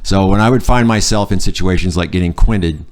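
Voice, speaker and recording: A man casually telling stories about his old job, profane and animated, bursting into loud acted-out quotes. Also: low voice, a little fast. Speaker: podcast guest. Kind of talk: casual storytelling chat.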